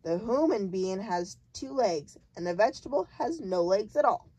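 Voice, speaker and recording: BFG, woman doing a booming giant. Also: expressive, normal speed, mellow, breathy edge, no echo. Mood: explaining. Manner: jumbled grammar, booming and emphatic. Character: big friendly male giant, muddled, kindly.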